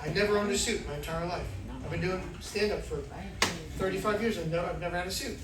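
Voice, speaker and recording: A middle-aged man from Florida doing an animated stand-up set, acting out voices and shouting punchlines. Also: high-pitched, fast talker, noisy background. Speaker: stand-up comedian. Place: comedy club stage. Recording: echoey club recording from far off, crowd laughter. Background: audience laughter.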